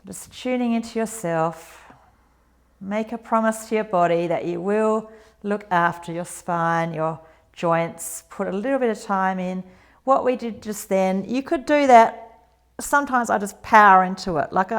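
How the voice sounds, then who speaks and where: A woman in her forties teaching a yoga routine, gentle and encouraging with chatty asides. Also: mid-range voice, normal speed. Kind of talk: guided exercise instruction.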